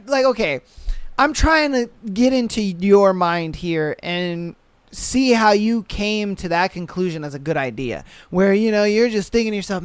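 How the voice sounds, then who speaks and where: High-voiced exasperated young man ranting. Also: expressive, measured pace, fairly bright tone, clear, resonant tone, no room sound. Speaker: podcast host. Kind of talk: casual reaction commentary.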